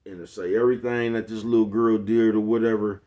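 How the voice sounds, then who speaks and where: Deep-voiced man with a laid-back drawl. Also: little pitch movement, fairly quick, highs cut off. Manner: laid-back street slang, frequent asides to listeners. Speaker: vlogger. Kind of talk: casual monologue to viewers.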